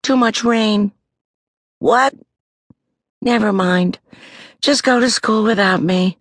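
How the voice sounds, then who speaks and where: A woman's voice: medium pitch, takes it slowly, no echo, studio quality, pitched above the performer's own voice. A woman voicing a dramatic young girl who fakes being sick, with whiny, pleading delivery in an audiobook. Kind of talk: audiobook character voice.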